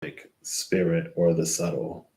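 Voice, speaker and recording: Very deep, slow male tarot reader, drowsy and rambling, in an echoey room. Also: warm tone. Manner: rambling, thinks aloud and loses track mid-sentence. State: sleepy, yawning. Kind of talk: casual tarot reading, reading guidebook aloud.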